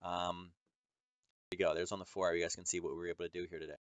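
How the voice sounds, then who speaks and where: Low-voiced and rapid-fire with little pitch movement, a man runs a casual screen-share lesson on trading, rambling over charts with many fillers and self-corrections. His tone is clean, with no echo.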